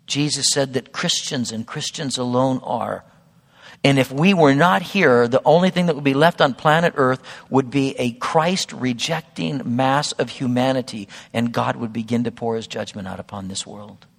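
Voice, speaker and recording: A man's voice: medium pitch, gravelly, long reverb tail. A man preaching a sermon as pastor, emphatic and conversational, often calling the congregation guys. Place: church sanctuary.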